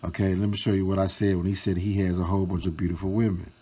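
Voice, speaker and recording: A man telling a storytime vlog, reading out chat screenshots in a slow, mocking, profane way. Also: low-pitched, little pitch movement, warm tone, husky. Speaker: storytime vlogger.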